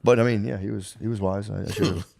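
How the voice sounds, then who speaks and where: A man's voice: lowish voice, steady tone, fast talker, gravelly, a little mellow. A man in his thirties telling rambling, comedic stories as a podcast co-host, full of fillers. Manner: rambling storytelling with lots of fillers. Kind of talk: casual comedic chat.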